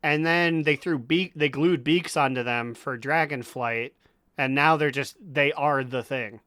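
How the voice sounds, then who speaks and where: A man's voice: mid-range voice, measured pace, bright, forceful tone, no room sound. A man co-hosting a casual gaming podcast, riffing wryly and laughing often, on a close mic. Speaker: podcast co-host.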